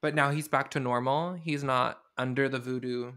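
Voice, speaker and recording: Bright-voiced, sarcastic male podcast host. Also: mid-range voice, moderate pace. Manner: animated, sarcastic storytelling. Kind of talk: casual comedic chat.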